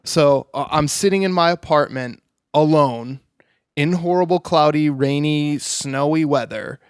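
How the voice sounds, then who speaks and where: A man's voice: on the high side, a little slow, clear, resonant tone, no room sound, clean studio sound. A man, an interview guest, telling a personal story in an earnest, rambling way with many "you know"s.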